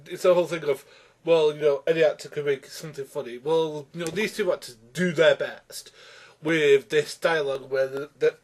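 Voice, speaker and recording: A man's voice: on the high side, darkish tone. A man ranting through a film review, exasperated and rambling with many restarts.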